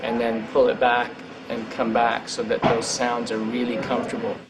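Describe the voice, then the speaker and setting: A man, a dialect coach, speaking in a precise, even way. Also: mid-range voice, normal speed, noisy background.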